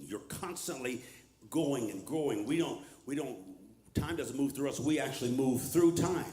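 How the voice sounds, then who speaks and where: An older male pastor with a mid-range, slightly mellow voice preaches a conversational sermon to a live congregation in a church hall, where the room sounds echoey. He blends humor with teaching and calls out to the people in the pews.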